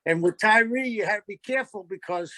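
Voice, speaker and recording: Bright-voiced man telling a blunt story. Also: sits high, fast, no room sound. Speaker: podcast host. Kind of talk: casual storytelling.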